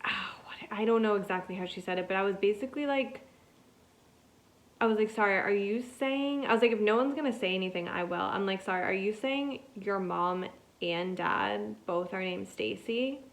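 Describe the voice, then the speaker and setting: A woman's voice: medium pitch, moderate pace, vocal fry. Chatty woman rambling through a story. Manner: rambling, chatty, heavy use of "like". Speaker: podcast host. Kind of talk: casual solo storytelling.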